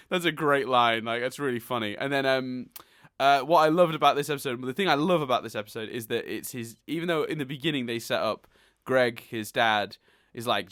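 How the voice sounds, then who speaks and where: A chatty man hosts a casual podcast, talking at a middle pitch. He recaps the plot with easy laughs and small restarts. The sound is dry and close to the mic. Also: a little fast, a bit bright, no echo. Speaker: podcast host.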